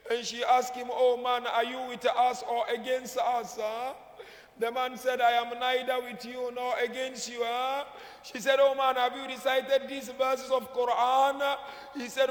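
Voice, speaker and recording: A man, a sheikh, giving a mournful sermon whose narration rises into chanted, wailing lament. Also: extremely high pitch. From Kenya. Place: mosque or prayer hall. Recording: echoey hall, long reverb.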